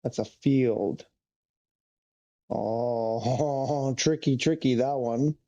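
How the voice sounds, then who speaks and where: Man, gravelly mellow voice, rambling stream chatter, dull lo-fi sound. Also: mid-range voice, extremely slow. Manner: rambling, thinking aloud, self-correcting. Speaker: game streamer. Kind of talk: casual live-stream chat.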